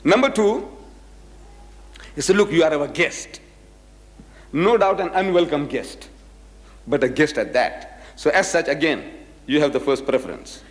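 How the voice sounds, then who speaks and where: A man's voice: a little high, measured pace, long pauses. A man giving a public lecture, telling anecdotes and acting out the quoted dialogue with animation. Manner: animated storyteller who acts out quoted dialogue. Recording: echoey hall reverb.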